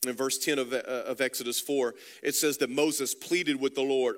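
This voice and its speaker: A man's voice: medium pitch, fairly even intonation, moderate pace, a bit bright, big-room sound. A man preaching a sermon as a pastor, passionate and repeating words as he builds his points.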